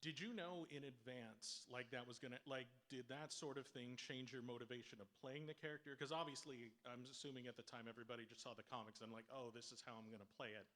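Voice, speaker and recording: A man's voice: mid-range voice, steady tone, quick pace, hardly any pauses, a bit bright. A man from Oregon asking a convention guest an earnest, hesitant question. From Oregon, USA. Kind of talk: audience question.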